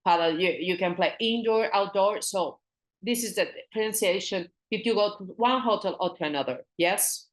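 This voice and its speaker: Speaking at a medium pitch, this Spanish-accented woman runs an online business English lesson. She goes over phrases slowly, more than once, and drops into Spanish for explanations.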